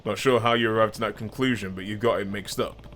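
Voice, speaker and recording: A man's voice: on the low side, steady tone, fast talker, a bit bright, a little hiss or hum. A young man streaming a video game, reading the characters' lines aloud with playful emphasis and joking at himself between them. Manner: reads character lines with playful emphasis and self-mocking asides. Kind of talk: let's play, reading game dialogue aloud.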